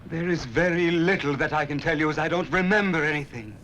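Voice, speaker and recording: An actor in a 1950s TV drama playing a confused, haunted German man on a ship, speaking in an uneasy, halting way. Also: fairly high pitch, a bit bright, a little hiss or hum, lightly acted. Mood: bewildered.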